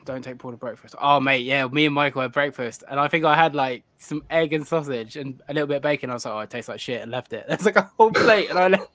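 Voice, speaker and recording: A man's voice: on the high side, fast, few pauses, pushed and bright, no echo. Sweary, rambling British man. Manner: swears a lot, rambling and restarting. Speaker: host of a reptile channel. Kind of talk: casual live-stream chat.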